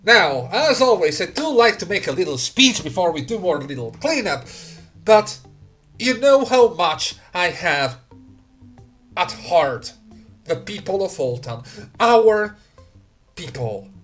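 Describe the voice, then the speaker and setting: A man voicing a male gang leader who whips up his crew with loud, mocking speeches. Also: sits high, very animated, slow pace, soft background music, pitched above the performer's own voice, heavily acted. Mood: rallying, loud. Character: male gang leader, rabble-rousing bigot.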